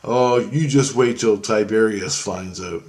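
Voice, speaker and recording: A man voicing a hostile male alien intruder in a rough, threatening way. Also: lowish voice, unhurried, darkish tone, lightly acted.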